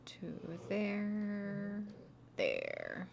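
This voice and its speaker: A woman's voice: on the low side, animated, a little slow, a little hiss or hum. A woman chatting casually while she edits a video, laughing at herself and murmuring as she works. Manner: giggly, self-deprecating, drops to a murmur while working. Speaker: video editor streaming her work. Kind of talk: casual chat while editing.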